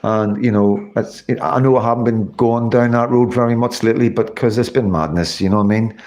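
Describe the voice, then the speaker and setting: A man's voice: fairly low pitch, fairly even intonation, brisk, darkish tone. A tired man, hosting a casual livestream sign-off and thanking viewers by name. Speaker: livestream host.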